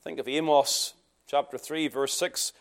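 A man's voice: fairly high pitch, steady tone, measured pace, vocal fry. A man preaching a sermon, emphatic, with rhetorical questions.

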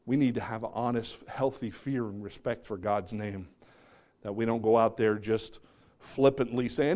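A man's voice: fairly low pitch, moderate pace, a little mellow. A middle-aged man preaching a sermon in a conversational way, joking about himself and asking the congregation questions. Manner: conversational, self-deprecating, asks the congregation questions. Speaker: pastor.

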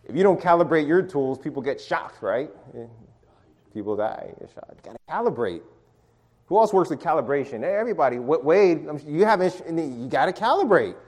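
Lively, animated man teaching scripture. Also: a little high, brisk. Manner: conversational, repetitive restarts, calls on audience. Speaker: Bible study teacher. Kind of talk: interactive church teaching.

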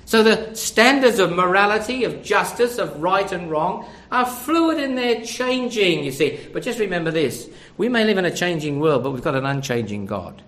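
A man's voice: high voice, big pitch swings, normal speed, hardly any pauses, a bit bright. An older man preaching a sermon, conversational and full of rhetorical questions.

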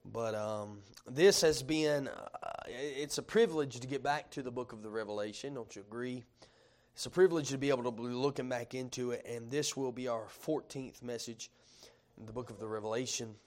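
A man preaching a sermon, reading scripture slowly and stopping to ask the congregation questions in conversational asides. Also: mid-range voice, a little mellow. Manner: reads scripture slowly and deliberately.

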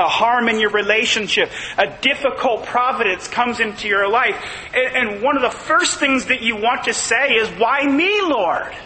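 A man's voice: sits high, sharp tone. A man preaching a sermon, emphatic and full of rhetorical questions. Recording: long hall reverb, faint noise.

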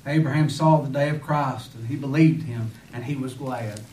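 A man's voice: mid-range voice, steady tone, moderate pace, darkish tone. A man preaching a sermon with fervor, firing rhetorical questions and breaking into sudden emphatic bursts. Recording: echoey room, voice from far off.

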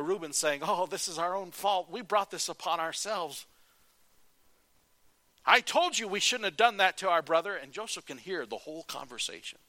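A man preaching a sermon, retelling a Bible story in a lively way and acting out what the characters say. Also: mid-range voice, dry recording.

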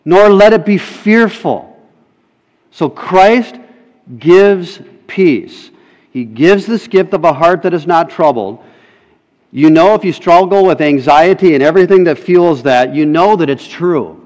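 Slow, emphatic preacher in a reverberant hall. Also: male voice, sits high, animated, a little mellow. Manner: emphatic, rhetorical questions to the congregation. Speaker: pastor. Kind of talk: sermon.

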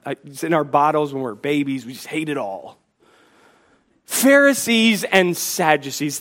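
A man with a high, bright voice preaching a sermon. He builds to forceful, emphatic lines, then drops into quick, self-mocking jokes with the congregation. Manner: joking asides between intense preaching. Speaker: pastor.

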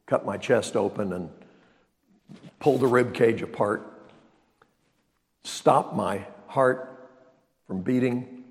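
Older guy pastor preaching, big swings loud to hushed, long hall reverb. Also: lowish voice. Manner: emphatic preaching, swinging from loud exclamations to quiet asides. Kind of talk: sermon.

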